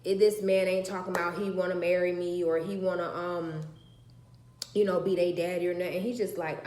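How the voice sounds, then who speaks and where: A woman's voice: on the low side, flat delivery, brisk, a little mellow, slight background noise. A woman telling a personal story in a casual vlog, blunt and emphatic, with slang and swearing, and acting out other people's lines. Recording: echoey room.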